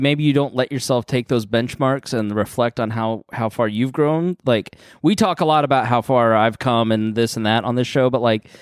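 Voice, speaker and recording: A man on a comedy podcast making a long, earnest, encouraging point in casual chat. His voice sits at an ordinary pitch, recorded close and dry. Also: no room sound. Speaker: podcast co-host.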